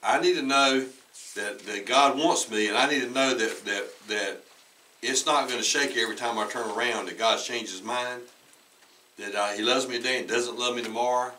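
A man, preaching a sermon as pastor and telling stories, who talks conversationally, repeats words, restarts and often clears his throat. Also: medium pitch, moderate pace, distant mic, a little hiss or hum, rough recording. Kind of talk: sermon with personal storytelling. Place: church sanctuary. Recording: bright voice heard from away from the mic.

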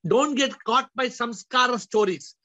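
A man's voice: extremely high pitch, a little slow, sharp tone, no room sound, lo-fi sound. A man teaching spiritual ideas over a video call, emphatic and fond of telling stories, slipping into Hindi phrases.

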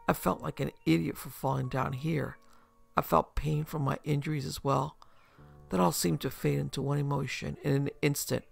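A man narrating a first-person horror story in a steady, scripted telling. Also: on the high side, creaky.

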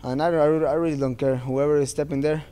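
A man's voice: fairly high pitch, fairly even intonation, fast talker, dark tone, clean tone. A man speaking as a fighter at a post-fight press interview, earnest and plain-spoken, with non-native phrasing.

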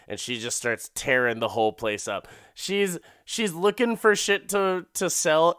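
A man recapping an episode for a podcast, swearing freely and rambling through his story with plenty of fillers. His voice is smooth and clean, at an ordinary middle pitch. The sound is dry, with no room echo. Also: bright, forceful tone. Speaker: podcast host. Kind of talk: casual comedic episode recap.

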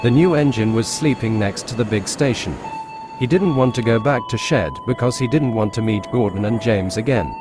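A man narrating a fan-made storybook tale in a plain, steady reading. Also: medium pitch, moderate pace, background noise. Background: music.

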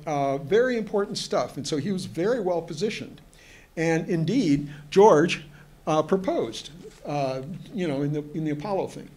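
A man with a somewhat high voice delivers a lecture to an audience. He keeps stopping on uh and um and restarting his sentences, and he drifts into chatty, joking asides. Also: a little mellow. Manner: hesitant, full of fillers and restarts. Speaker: museum historian giving a presentation.

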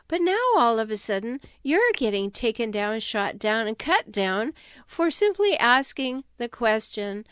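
A woman giving advice on toxic relationships in an emphatic, animated way. She sometimes drops her voice to act out quoted sarcastic remarks. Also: on the high side, clear, resonant tone, dry recording, clean studio sound. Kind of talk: talking-head advice video.

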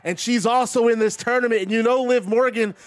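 A man narrating a simulated wrestling show as commentator, excitable and rambling. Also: very high-pitched, brisk, no room sound.

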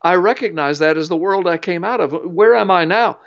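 A man's voice: high voice, fairly quick, vocal fry, muffled recording. A man voicing an amazed fish-turned-man. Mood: astonished. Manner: breathless astonished exclaiming.

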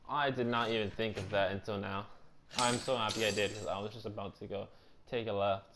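A young man doing casual let's-play commentary on a horror game, loud, joking and slangy. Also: on the low side, fairly even intonation, a little fast, background noise. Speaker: gameplay streamer.

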